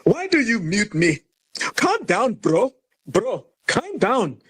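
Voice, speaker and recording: An American man hosting a livestream has a high-pitched, husky voice with huge pitch swings. In a heated argument, he taunts and mocks his guest with loud, rapid insults.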